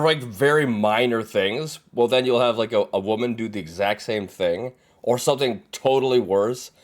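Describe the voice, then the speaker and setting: A young man hosting a reaction video, making rambling, unsure asides. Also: medium pitch. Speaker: reaction channel host. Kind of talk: casual reaction commentary.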